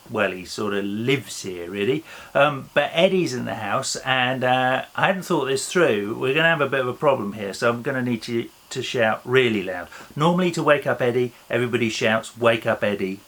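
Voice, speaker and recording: A man's voice: mid-range voice, a bit bright. A man presenting a playful children's talk in an online church service, upbeat and joking as he banters with a silent puppet. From England.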